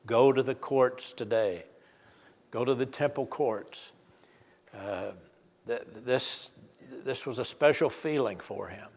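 Older male preacher, mid-pitched, storytelling with fillers and restarts, reverberant hall. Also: a little mellow. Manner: folksy, halting, many fillers and restarts. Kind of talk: sermon storytelling.

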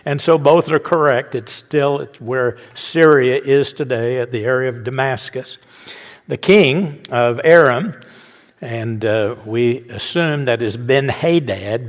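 A man's voice: medium pitch, big-room sound. A man giving an informal Bible teaching sermon, talking conversationally, restarting phrases and chuckling at his own asides.

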